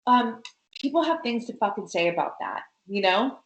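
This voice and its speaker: Animated woman in an echoey room. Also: fairly high pitch, moderate pace, slight background noise. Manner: animated, emphatic, many fillers. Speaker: interview guest, coach. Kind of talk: casual conversation.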